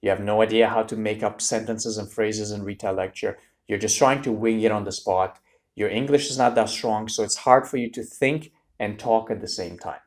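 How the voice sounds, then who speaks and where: Energetic male exam coach, lowish voice. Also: normal speed. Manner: direct, energetic, addresses viewers as "you guys". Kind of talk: tutorial lesson to camera.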